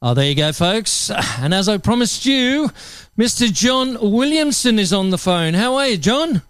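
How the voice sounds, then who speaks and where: An Australian man hosting a radio show, with a high, smooth, clear voice. He sounds eager and effusive, like a fan, and the sound is dry and close to the mic. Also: big pitch swings, moderate pace, fairly bright tone, dry recording. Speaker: radio host. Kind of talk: radio interview.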